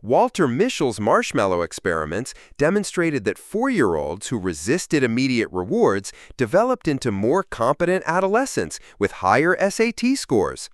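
A man giving a measured, scripted explanatory narration. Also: mid-range voice, wildly swooping pitch, dry recording, studio quality.

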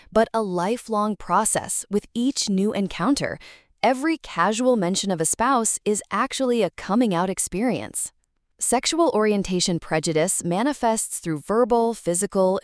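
A woman delivers scripted educational narration at an ordinary mid pitch for her sex. She paces through each point in a measured, even reading. The sound is dry and close, with no room around it. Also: dry recording. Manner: measured, steady reading of lists.

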